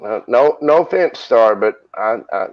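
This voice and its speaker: A man's voice: mid-range voice, animated, unhurried, dull audio. A man on a casual live chat, joking and swearing, with stammering restarts. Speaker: live stream guest.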